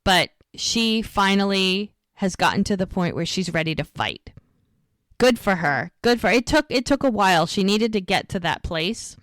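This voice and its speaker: A woman's voice: medium pitch, expressive, normal speed, fairly bright tone, no room sound, studio quality. A woman co-hosting a podcast, casually retelling scenes blow by blow and acting out the characters' lines. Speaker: podcast co-host. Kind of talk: casual episode recap.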